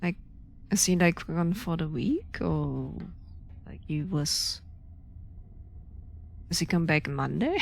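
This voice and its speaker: A young woman streaming a horror game, reacting out loud, swearing often and dropping to whispers. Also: deep voice, slow pace, gravelly, pauses often. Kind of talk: live game commentary.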